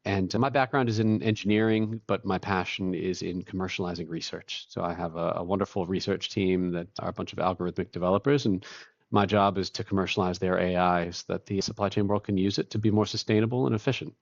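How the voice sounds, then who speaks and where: Deep-voiced man, dry muffled sound. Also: quick pace, gravelly, no room sound. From Boston, USA. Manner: relaxed storytelling, occasional self-laughs. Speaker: guest, company co-founder and CEO. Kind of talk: conversational interview.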